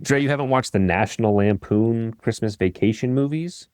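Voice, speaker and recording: Man, podcast guest, low-pitched, teasing and aggrieved, dry close mic. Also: normal speed, darkish tone, clear, resonant tone, no room sound. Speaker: guest, producer. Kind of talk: casual podcast chat.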